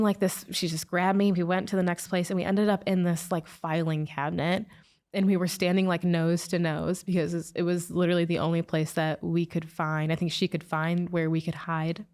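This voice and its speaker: A woman's voice: on the low side, a little mellow. A woman guest recounting a painful personal story in an interview, emotional and full of "like" fillers. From United States. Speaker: guest, author and speaker.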